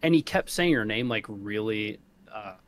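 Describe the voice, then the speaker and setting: A man's voice: fairly low pitch, expressive, moderate pace, slight background noise. A man on a podcast telling a rant-filled story in casual chat, swearing often and laughing as he goes. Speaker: podcast co-host.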